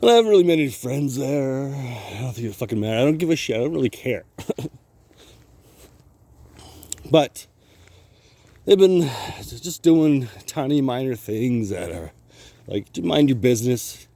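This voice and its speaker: A man's voice: medium pitch, sing-song, measured pace, pauses often, dark tone, no echo. A profane, rambling man vlogging. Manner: swears constantly, laughs often, restarts sentences.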